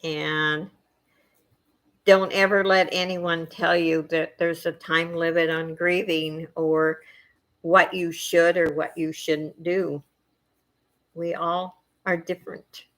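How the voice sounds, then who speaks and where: A middle-aged woman hosting a casual chat with her viewers, soft-spoken and emotional, wandering from thought to thought with many fillers. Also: fairly low pitch, level tone, slow pace. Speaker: channel host chatting with viewers.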